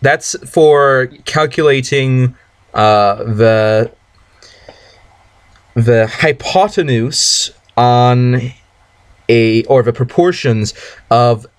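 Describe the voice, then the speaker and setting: A man's voice: mid-range voice, drawn-out words, long pauses, smooth. A young man co-hosting a casual podcast over a video call, speaking hesitantly and stammering. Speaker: podcast co-host.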